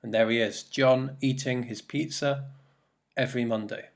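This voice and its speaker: A man's voice: medium pitch, fairly even intonation, normal speed, creaky. A man teaching an English grammar lesson in a recorded presentation, explaining step by step and repeating his examples.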